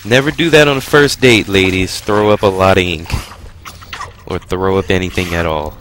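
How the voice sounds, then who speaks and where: Crude, joking man with a deep voice. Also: moderate pace, a bit bright, a little hiss or hum. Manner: crude, joking, talks back to the game. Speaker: gaming commentator. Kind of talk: casual walkthrough commentary. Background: game music.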